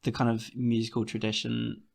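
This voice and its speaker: A man co-hosting a podcast, chatting in a dry, measured way. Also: mid-range voice, monotone, creaky. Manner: dry, measured, quoting lyrics. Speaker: podcast co-host. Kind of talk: casual chat.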